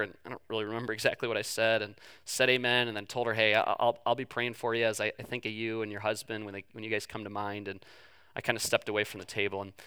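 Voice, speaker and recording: A man preaching to his church, telling a personal story with lively swings in pitch and a softer, hushed tone for the tender moments. His voice is bright and smooth, with a crisp, resonant edge. The recording is dry and close, with little room sound. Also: no room sound. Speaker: pastor. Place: church sanctuary.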